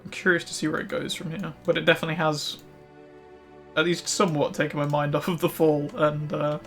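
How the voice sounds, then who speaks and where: A man's voice: a little high, completely flat delivery, brisk, a bit bright. Chatty man over faint music. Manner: rambling, many fillers like "like". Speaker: streamer. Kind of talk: casual chat while gaming.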